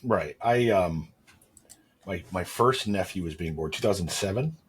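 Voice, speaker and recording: Thirties guy with a husky lowish voice, rambling podcast chat, jokey asides. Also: expressive, a little slow. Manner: rambling storyteller, playful asides. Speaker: podcast co-host. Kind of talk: casual chat.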